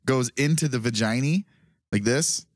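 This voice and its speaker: A man's voice: mid-range voice, normal speed, no room sound, studio quality. A man in crude, casual podcast banter, laughing and joking a lot.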